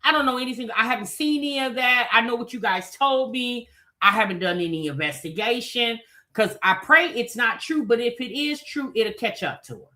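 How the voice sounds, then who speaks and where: A woman's voice: on the high side, animated, a little fast, pushed and bright. A woman hosting a commentary show, talking bluntly and casually in slangy chat about online drama.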